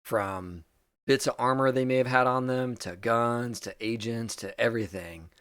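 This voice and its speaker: A man's voice: mid-range voice, moderate pace, a bit bright, dry recording, studio quality. Laughing man running a tabletop game. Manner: loose, laughing, lots of fillers. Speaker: game master.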